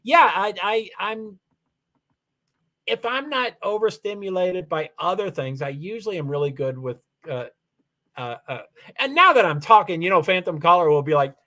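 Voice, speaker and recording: Male livestream host, slightly high-pitched, loose and rambling, reads out chat and clicks through settings. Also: expressive, normal speed. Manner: rambling, repeats "allegedly", frequent restarts; talks through software settings step by step. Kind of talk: casual livestream chat, reading comments.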